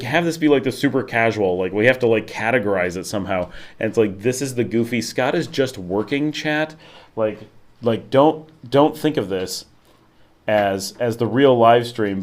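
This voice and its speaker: A man hosting a casual livestream from his home office, rambling through his thoughts with lots of fillers and lively swings in tone, talking to a desk mic. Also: mid-range voice. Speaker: livestream host. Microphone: desk microphone.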